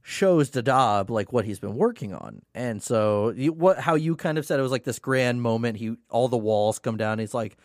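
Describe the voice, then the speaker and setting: A man's voice: medium pitch, lively intonation, normal speed, hardly any pauses, darkish tone, no room sound, studio quality. A man chatting casually as a podcast co-host, recapping a story, swearing now and then and acting out characters' lines. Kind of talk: casual chat.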